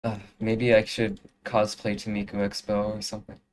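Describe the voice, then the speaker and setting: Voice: mid-range voice, completely flat delivery, moderate pace, darkish tone, slight background noise, low-quality recording. A young adult streamer chatting casually while drawing live, rambling with lots of fillers and restarts. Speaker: streamer doing art.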